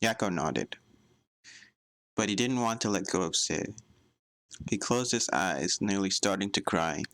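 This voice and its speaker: Slow, low-voiced man reading aloud. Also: a bit bright, no echo. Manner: plain, unhurried storybook reading. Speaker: fanfic reader. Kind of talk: reading fan fiction aloud.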